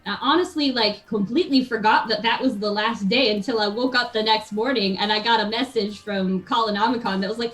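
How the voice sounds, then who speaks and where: A woman guest on a live talk stream, chatting in an excitable, rambling way and laughing often. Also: medium pitch, brisk, hardly any pauses, faint music behind, poor audio. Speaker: guest, game developer and streamer. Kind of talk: casual chat.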